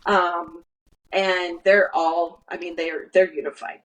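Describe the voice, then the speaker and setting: A woman's voice: lowish voice, level tone, slow pace, poor audio. A woman guest in an interview, telling stories earnestly with lots of restarts and acted-out quotes. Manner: earnest storyteller, acts out quoted dialogue, many restarts. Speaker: guest, nursery founder. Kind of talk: conversational interview.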